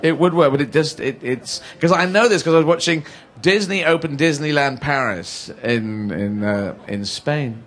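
A man's voice: a little high, moderate pace, hardly any pauses, fairly bright tone. A British man, a stand-up comedian, chatting casually in a rambling, jokey way with many fillers. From Britain. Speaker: comedian guest. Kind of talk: casual comic chat.

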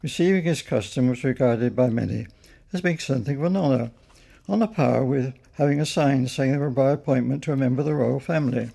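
Older author reading a storybook aloud, gentle and unhurried, gravelly voice, dark mellow tone. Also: male voice, mid-range voice.

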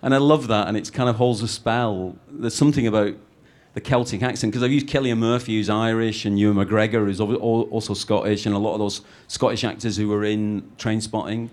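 A middle-aged man from Britain, a film director answering interview questions in a rambling, lively way with many restarts. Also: on the low side, a little fast, hardly any pauses.

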